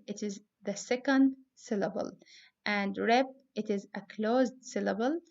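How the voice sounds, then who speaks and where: Slow, deliberate woman teaching phonics. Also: a little high, highs cut off. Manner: slow, deliberate, spells out letters. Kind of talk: phonics lesson for young students.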